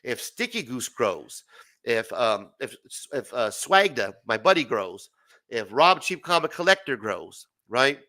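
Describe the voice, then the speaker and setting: A man's voice: medium pitch, bright, forceful tone. A man hosting a late-night livestream, ranting in a profane, rambling way and laughing often, his voice tired and starting to fail. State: voice failing, tired. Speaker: livestream host.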